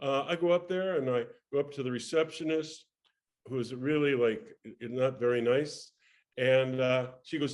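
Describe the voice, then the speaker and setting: Older man telling a lively showbiz story. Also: on the high side, normal speed. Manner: lively storyteller, acts out quoted voices, many restarts. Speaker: actor telling a career story as interview guest. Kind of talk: animated anecdote in casual interview.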